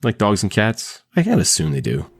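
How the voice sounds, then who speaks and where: Male podcast host, low and dry, chatty with frequent laughs. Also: huge pitch swings, normal speed, vocal fry, slightly rough, dry recording. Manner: chatty, laughs often, restarts sentences. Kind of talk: casual chat recapping a TV episode.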